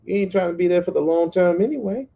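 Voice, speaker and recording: A man's voice: sits high, fast talker, creaky, highs cut off. A man hosting a podcast livestream, ranting bluntly and profanely in a casual, repetitive way. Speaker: podcast host.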